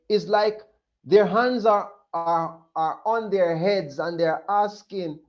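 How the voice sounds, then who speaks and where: On a dull lo-fi recording, a man with a high-pitched voice preaches a sermon slowly. He's emphatic and repeats phrases, often acting out the questions of others.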